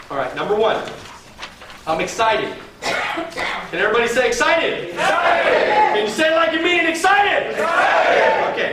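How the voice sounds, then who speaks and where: Guy pumping up a sales training crowd, slangy, kinda high voice, big echoey room, mic far off. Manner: energetic and slangy, leads call-and-response chants. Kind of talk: live motivational training seminar. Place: meeting room with an audience. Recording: very echoey room from a distance, faint noise.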